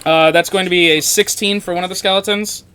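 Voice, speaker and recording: Bright-voiced man running a game. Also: high voice, steady tone, a little fast, clear, resonant tone. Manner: casual, narrates with many fillers. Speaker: dungeon master.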